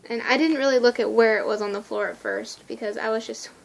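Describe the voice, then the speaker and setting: Woman vlogger with a slightly high voice, excitable and gushing, casual storytelling with frequent laughs. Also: fast talker, gravelly.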